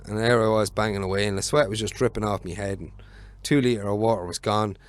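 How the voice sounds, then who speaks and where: A man's voice: on the low side, fairly even intonation, quick pace. A man, a podcast guest telling rambling, sweary stories in casual chat.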